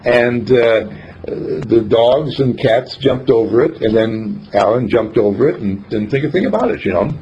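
A man's voice: medium pitch, a little slow, mellow, breathy edge. A man giving an informal spiritual teaching, telling rambling, folksy stories with chuckles between points. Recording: dull lo-fi recording with faint background noise.

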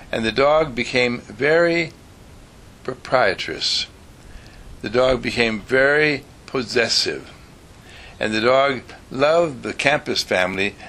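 Slow, gravelly-voiced male storyteller. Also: on the low side, fairly bright tone, slight background noise, poor audio. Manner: slow, deliberate, with long pauses. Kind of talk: storytelling talk to a live audience.

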